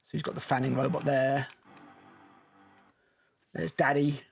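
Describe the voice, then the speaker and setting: A man's voice: medium pitch, level tone, measured pace, creaky. A male film critic giving blunt, sarcastic, profane commentary while reacting to a movie trailer.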